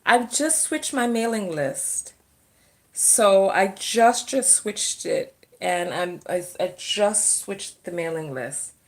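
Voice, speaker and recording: A woman with a medium-pitched, animated voice talks slowly while hosting a casual livestream Q&A. As a coach focused on self-love and relationships, she reads viewer comments aloud and answers on the spot, her sentences often trailing away and restarting.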